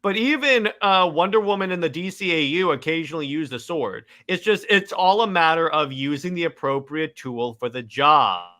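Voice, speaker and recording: A man co-hosting a podcast argues his opinions in casual chat with quick restarts. His voice sits a bit high and sounds bright and forceful. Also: animated. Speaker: podcast co-host.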